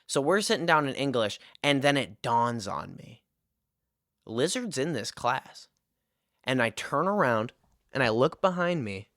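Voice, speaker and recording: A young man recounts a storytime tale with animated energy and frequent swearing. His voice sits at an ordinary middle pitch. The sound is dry and close, with almost no room echo. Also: unhurried. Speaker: storytime vlogger. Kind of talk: casual storytime vlog.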